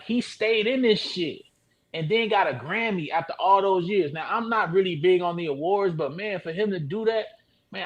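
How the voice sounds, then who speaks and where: Animated man ranting, loud and lively. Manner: heated, swings from low and quiet to loud shouting; profane, animated storytelling. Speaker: podcast panelist, rapper. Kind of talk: casual panel chat.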